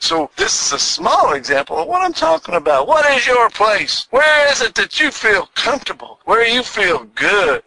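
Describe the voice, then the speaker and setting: A man in his sixties from the United States hosting his own vlog, talking loudly and excitedly from a small mobile studio. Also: high voice, poor audio. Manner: loud and excited. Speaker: vlog host. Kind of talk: excited monologue to camera.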